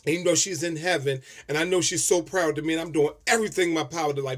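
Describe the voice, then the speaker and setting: A man with a notably high voice speaks in a heartfelt, expressive way, as if straight to his viewers. He is tearing up as he talks through his personal tribute video. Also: quick pace, few pauses. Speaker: vlogger.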